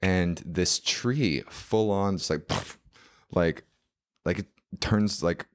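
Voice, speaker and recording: A man's voice: deep voice, slow. A man, a podcast guest, telling a story in a casual, rambling way, full of fillers and acted-out quotes.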